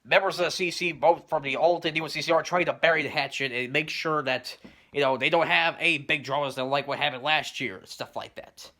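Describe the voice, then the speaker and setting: Bright-voiced rambling man ranting. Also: a little high, steady tone, brisk. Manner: rambling, heavy on "you know" and "stuff like that"; clears throat and laughs between points. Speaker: commentary YouTuber. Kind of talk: rambling response rant.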